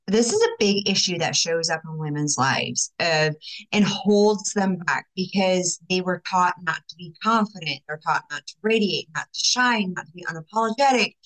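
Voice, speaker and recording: A young woman talks straight to her viewers as a faith-based life coach, her voice lively and quick to jump in pitch. She speaks casually and with emphasis, peppering her sentences with "like" and "you know.". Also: poor audio. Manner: animated, emphatic, talks with many fillers like "like". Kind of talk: casual vlog talk to viewers.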